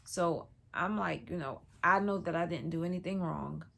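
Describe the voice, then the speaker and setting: A young woman, telling a personal story in a casual, profane, animated way and acting out the people she quotes. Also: moderate pace, creaky. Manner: animated, profane, acts out quotes with big pitch jumps.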